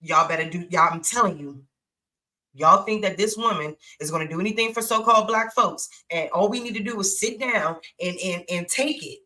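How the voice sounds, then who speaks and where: A woman's voice: fairly low pitch, normal speed, bright, forceful tone, poor audio. A woman on a panel giving blunt, heated, casual commentary, speaking straight to the listeners as "y'all.".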